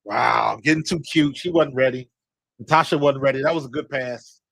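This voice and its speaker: A man giving excited live fan commentary on a basketball game, talking to the players as if coaching them and scolding missed shots. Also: mid-range voice, normal speed, creaky, dry recording. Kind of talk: live watch-along commentary.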